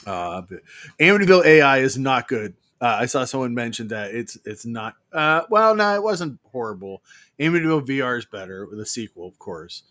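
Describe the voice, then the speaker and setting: A man's voice: mid-range voice, sing-song, fairly quick, fairly bright tone, no echo. A man in his fifties co-hosting a show, rambling through jokes with lots of fillers. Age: 50s. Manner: rambling, joking, many fillers. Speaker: co-host. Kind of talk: casual banter.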